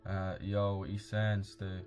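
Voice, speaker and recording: A young British man hosts a live trading stream, reading out viewer comments and chatting in a laid-back, slangy way. His voice sits low and darkish, with a completely flat delivery at a measured pace. Soft music plays in the background.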